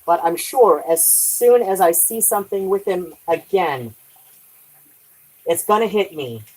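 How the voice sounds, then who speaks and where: A woman's voice: fairly low pitch, lively intonation, measured pace, darkish tone, slightly rough, rough recording. A woman chatting casually on a live stream while doing dishes at home, rambling, trailing off and swearing lightly.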